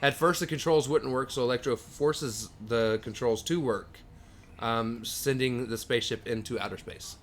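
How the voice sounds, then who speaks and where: A man's voice: medium pitch, moderate pace, a little hiss or hum. A man co-hosting a podcast, casually recapping comic book plots at length with dry jokes. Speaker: podcast co-host.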